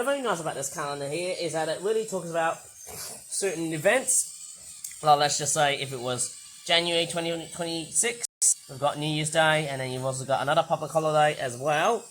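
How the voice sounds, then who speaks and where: A hoarse man recovering from a sore throat, rambling excitedly through a casual toy unboxing review with loud bursts. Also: on the high side, normal speed, a little hiss or hum, rough recording.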